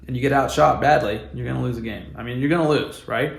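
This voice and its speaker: A man's voice: medium pitch, fast talker, gravelly, few pauses, reverberant. A man giving passionate, exasperated commentary on his hockey team in a casual vlog. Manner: passionate, exasperated, fan ranting. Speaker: hockey vlogger. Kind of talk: opinionated sports commentary vlog.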